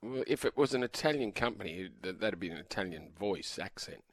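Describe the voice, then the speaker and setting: An Australian man with a lowish voice co-hosts a sports radio show. He stumbles and repeats words as he gets going, and the sound is dry and close on a studio mic. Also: lively intonation, no echo. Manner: halting, repeats words while starting sentences. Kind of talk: casual studio banter.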